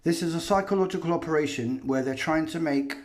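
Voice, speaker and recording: A man's voice: a little high, fast talker, a little mellow. A man giving sarcastic, mocking commentary over video footage.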